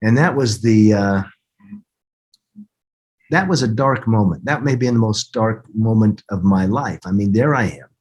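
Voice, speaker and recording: Husky middle-aged man, halting and earnest. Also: lowish voice, a little mellow. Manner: earnest, halting, restarts often. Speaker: podcast guest. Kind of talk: recounting a personal story.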